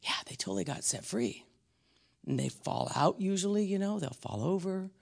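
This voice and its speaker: A man preaching a blunt, emphatic teaching sermon, slowing down and dropping to a whisper on key words. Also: high-pitched, expressive, gravelly, a little mellow.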